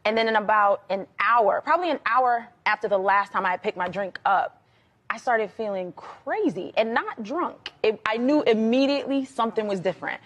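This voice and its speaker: A woman's voice: mid-range voice, normal speed. A woman guest on a talk show, telling a personal story and acting out the lines of the people in it. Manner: expressive storyteller, acts out quotes.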